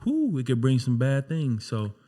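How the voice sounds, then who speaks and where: A man co-hosting a podcast. He speaks in a relaxed, conversational way and backs up his co-host with quick agreements before giving his own longer thoughts. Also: mid-range voice. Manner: supportive, frequent short agreements. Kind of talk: casual chat.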